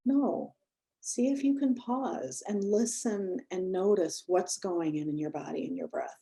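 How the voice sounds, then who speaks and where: A middle-aged woman, a mindfulness and yoga instructor, guiding breathing and chatting gently and self-deprecatingly to a group over a video call. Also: medium pitch, lively intonation, a little slow. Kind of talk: guided breathing and casual talk to a group.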